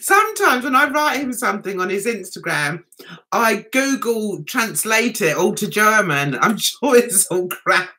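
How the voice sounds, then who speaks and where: A woman's voice: medium pitch, very animated, measured pace, bright, forceful tone. A woman from England hosting a casual livestream chat, reading out viewer comments and giggling often. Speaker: livestream host.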